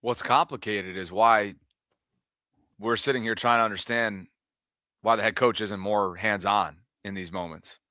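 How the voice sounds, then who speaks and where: Man, podcast co-host, bright tone, measured, questioning, explaining, dry close mic. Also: low voice, dry recording. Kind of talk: sports podcast discussion.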